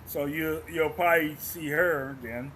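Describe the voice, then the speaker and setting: Bright-voiced man telling it excitedly. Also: on the high side, a little slow. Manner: excited retelling, acts out reactions. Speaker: podcast co-host. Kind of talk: casual chat.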